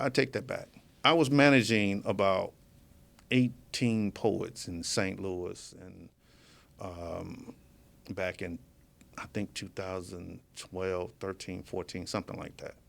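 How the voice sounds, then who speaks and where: Man, low voice, gravelly, chatty guest, animated storytelling, laughs a lot. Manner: animated, laughs often while telling stories. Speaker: interview guest, photographer. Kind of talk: casual interview storytelling. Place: media studio.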